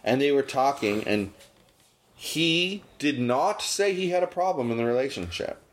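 In a casual chat, this male podcast host gets animated and worked up. He speaks at normal speed in a mid-range voice that leaps up when he turns indignant.

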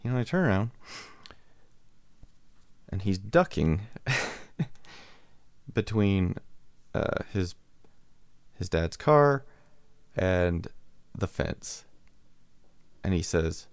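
A man with a low, gravelly voice hosts his show and drifts into a casual story. He rambles, restarts his sentences and chuckles along the way. The sound is dry and close, with no room echo. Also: animated, extremely slow, pauses often. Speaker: radio show host.

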